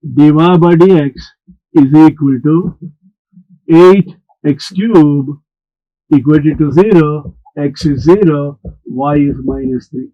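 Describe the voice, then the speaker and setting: In a lo-fi recording without echo, a man with a slightly high voice walks through a maths lesson step by step. He explains at a slow, deliberate pace and responds to students who aren't really there.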